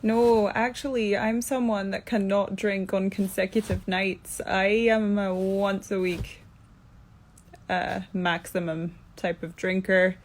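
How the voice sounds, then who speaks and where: Scottish actress, sleepy low-key fan Q&A, chatty and relaxed, indoor room. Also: female voice, slow. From Scotland. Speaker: actress answering fan questions. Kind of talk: casual Q&A chat. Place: indoor room during quarantine.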